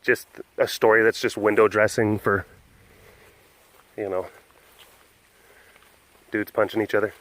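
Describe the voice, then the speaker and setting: Man, casual vlog host, slow pace, jokey, rambling, outdoor big cat compound. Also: on the low side, flat delivery, fairly bright tone. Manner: jokey, self-mocking, chuckling. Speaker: webcast host.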